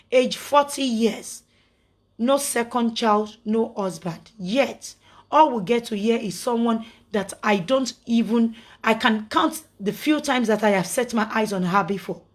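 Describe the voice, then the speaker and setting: Indignant Nigerian woman, higher voice. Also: a bit bright. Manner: indignant, preachy, rhetorical questions. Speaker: social media personality. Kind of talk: casual monologue to followers.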